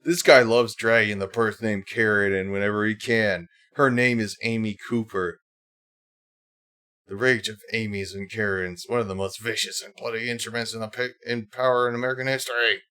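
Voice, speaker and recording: This casual livestream host is a man who reads posts aloud and mocks them using whiny put-on voices, rambling sarcastically with many fillers and restarts. His lowish voice has fairly even intonation at normal speed, sounding pushed and bright with a clean tone.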